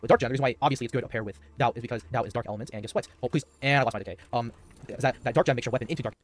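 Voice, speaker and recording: Very fast-talking gaming video guy. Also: medium pitch. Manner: rambling, restarts a lot. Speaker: game video creator. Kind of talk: gameplay explainer.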